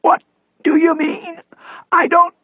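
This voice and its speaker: A man voicing a paralyzed older male ex-cop with a raspy, straining voice, crying out high and strained. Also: completely flat delivery, slow, dry recording, phone-quality sound. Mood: frightened. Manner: high strained cries and shouts.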